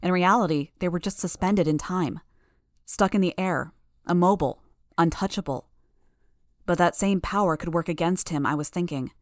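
A woman reading a first-person story aloud in a steady, measured narration. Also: on the low side, no echo, clean studio sound. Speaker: audiobook narrator.

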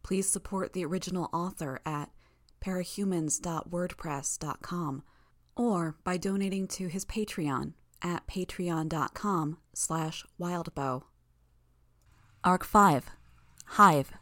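A woman narrating a fan audiobook chapter in a steady, measured reading. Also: on the low side, no echo, clean studio sound.

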